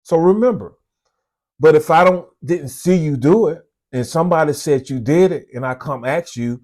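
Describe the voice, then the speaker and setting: A Southern US–accented police officer hosts his own channel, chatting to the camera in a casual, folksy way. His man's voice sits a little high and a little mellow, at a normal speed. He's conversational and tends to repeat his points.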